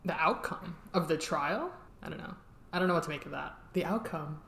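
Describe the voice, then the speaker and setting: A young woman reacting to a TV episode in a casual, chatty way, laughing often and full of "like"s. Her voice sits a little lower than most women's. The room around her has a clear echo. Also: a little fast, fairly bright tone. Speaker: TV reaction vlogger. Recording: roomy echo.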